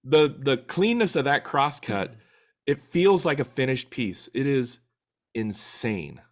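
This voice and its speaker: A male podcast co-host telling rambling shop stories in a loose, conversational way. His pitch rises and falls a lot as he talks, and he fills his sentences with filler words. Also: sing-song, takes it slowly. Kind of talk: casual chat.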